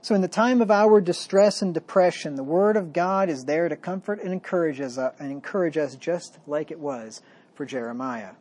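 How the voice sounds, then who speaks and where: A man preaching a sermon, reading scripture slowly with emphasis and then explaining it in a plain, conversational way. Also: a little high, a little mellow. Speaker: pastor.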